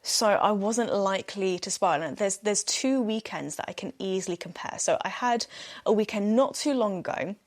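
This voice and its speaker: A woman's voice: medium pitch, moderate pace. British woman, young adult, podcast host, mid-range voice, chatty, self-mocking, laughs a lot. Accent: British English. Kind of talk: casual solo podcast chat.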